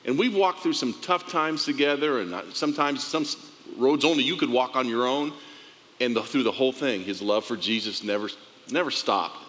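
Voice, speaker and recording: A man speaking about an old friend, halting and repeating words as he searches for them. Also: medium pitch, fairly bright tone. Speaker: guest, longtime friend of the pastor. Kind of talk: heartfelt tribute. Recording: long hall reverb, faint ambience.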